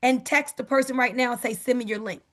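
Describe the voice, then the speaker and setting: A woman making an upbeat sales pitch on a video call, often asking "guess what". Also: steady tone, fast talker.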